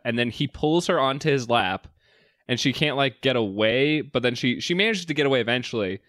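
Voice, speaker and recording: A man's voice: medium pitch, normal speed, a bit bright, dry recording, clean studio sound. A man co-hosting a casual podcast, laughing easily and retelling the plot in a rambling way. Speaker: podcast co-host. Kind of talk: casual chat.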